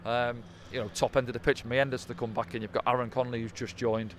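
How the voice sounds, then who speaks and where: A man talks football at a quick clip, breaking down a match casually and tossing in little tag questions. His pitch sits mid-range. Faint traffic noise hums behind him outdoors. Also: flat delivery, fairly bright tone. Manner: conversational, tag questions like "didn't they?". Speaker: football pundit. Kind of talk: post-match analysis chat.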